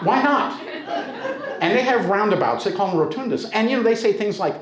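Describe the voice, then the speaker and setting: A man's voice: sits high, animated, a little fast. American storyteller man in an echoey hall. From United States. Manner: conversational and humorous. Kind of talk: told personal story before a live audience.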